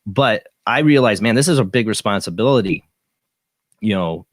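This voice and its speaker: A man's voice: lowish voice, animated, moderate pace, no room sound, clean studio sound. A man hosting a radio talk show, chatting casually and rambling with many restarts. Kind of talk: casual interview chat.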